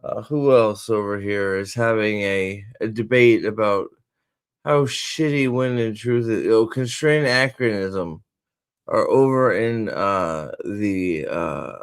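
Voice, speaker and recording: A man's voice: lowish voice, slow, smooth. A man hosting a livestream, rambling and joking with hesitant fillers. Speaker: streamer host. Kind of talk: casual livestream chat.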